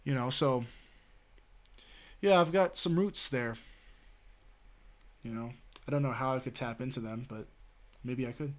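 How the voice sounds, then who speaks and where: A man's voice: mid-range voice, measured pace, pauses often. Male streamer, Southwestern US. Casual, meandering chat with plenty of filler and cursing, mid-range voice. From Southwestern United States. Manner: rambling, full of "you know" and "like", swears freely.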